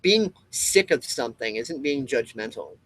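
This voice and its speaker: A man's voice: mid-range voice, lively intonation, measured pace, fairly bright tone, no room sound, rough recording. A man hosting his own show, delivering an impassioned, rambling monologue with frequent swearing and restarts. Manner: rambling, emphatic, swears, restarts a lot, mocking quoted voices. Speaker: show host.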